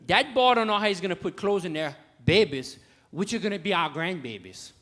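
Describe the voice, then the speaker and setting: A man's voice: high-pitched, lively intonation, a little fast, fairly bright tone. A man with a Cajun accent playing a blunt, skeptical old father-in-law questioning his daughter's suitor. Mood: indignant.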